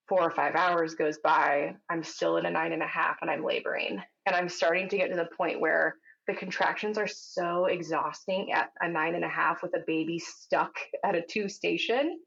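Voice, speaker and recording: Animated woman in her thirties, retelling her birth story. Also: lowish voice, highs cut off. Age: 30s. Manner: vivid, animated retelling that acts out the voices of others. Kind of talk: casual storytelling interview.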